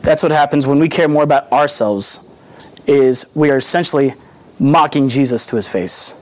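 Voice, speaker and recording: A man's voice: medium pitch, moderate pace. A young adult man giving a sermon in an earnest, conversational teaching manner, acting out quotes as he goes. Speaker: preacher.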